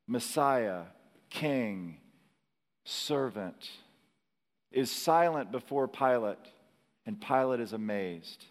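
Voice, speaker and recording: A man preaching a sermon in a slow, dramatic way, rising to emphatic peaks and dropping to hushed lines. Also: medium pitch, long reverb tail. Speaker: pastor.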